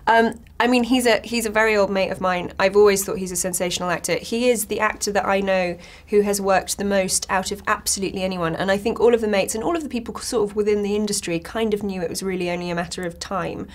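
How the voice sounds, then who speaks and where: A woman actress answers a press interviewer with amusement, pausing and restarting as she searches for words. Her voice is at an ordinary middle pitch. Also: fairly even intonation. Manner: amused, hesitant, lots of fillers.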